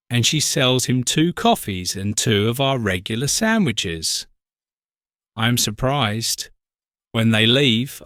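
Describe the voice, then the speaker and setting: Male narrator for learner stories: slow, clear, lively pitch, dry recording. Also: dry recording. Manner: slow, clear, simple sentences. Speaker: story narrator. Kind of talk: graded-reader story narration for learners.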